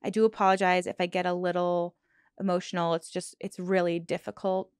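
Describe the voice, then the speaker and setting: A woman hosting a true crime channel, telling a dark case in a casual, earnest way with asides and fillers, sometimes choked up. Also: on the low side, flat delivery, fairly quick, clear, resonant tone, dry recording, clean studio sound. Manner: earnest, emotional, choked up at times; conversational with many fillers and restarts.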